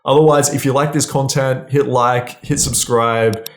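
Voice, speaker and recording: A man's voice: medium pitch, fairly even intonation, unhurried. Blunt, swearing male dating coach. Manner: casual, blunt, swears freely, keeps asking "right?". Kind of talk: direct-to-camera advice.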